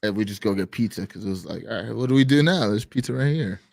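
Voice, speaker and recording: A man co-hosting a live stream show, telling a story in casual chat, animated and swearing, acting out quotes loudly. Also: lowish voice, quick pace, creaky, no room sound, studio quality. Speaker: podcast co-host.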